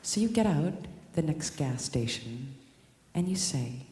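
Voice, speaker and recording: A woman telling a story in a slow, dry, deadpan spoken-word style. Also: low-pitched. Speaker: performance artist. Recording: echoey hall with music behind.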